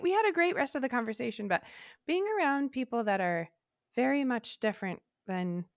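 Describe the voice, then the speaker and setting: A young adult woman co-hosting a podcast, telling a casual story with lively acted-out quotes and casual swearing. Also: fairly high pitch, fairly quick, no room sound, clean studio sound. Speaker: podcast co-host.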